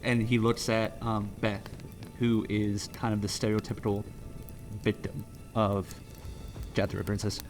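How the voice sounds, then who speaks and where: A man running a horror tabletop game as game master, narrating in a measured way with frequent fillers. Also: lowish voice, level tone. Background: music.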